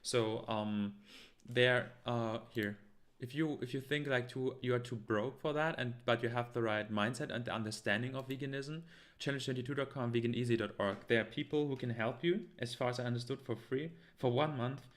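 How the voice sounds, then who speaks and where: A man's voice: medium pitch, moderate pace. Heated man arguing with live chat. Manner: argumentative, heated, many fillers and restarts. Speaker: live stream host. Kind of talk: live stream, reading and answering chat comments.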